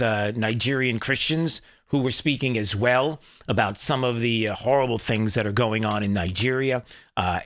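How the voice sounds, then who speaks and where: A man's voice: mid-range voice, fairly bright tone. A man hosting a commentary show, rambling with many fillers and jokey asides. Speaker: show host. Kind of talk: casual commentary.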